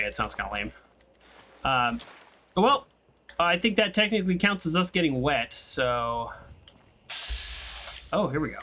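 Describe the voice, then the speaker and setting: Bright-voiced man rambling through a gameplay session. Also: medium pitch, slight background noise. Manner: rambling and chatty, tells stories while playing. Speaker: gaming channel host. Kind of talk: casual let's-play commentary.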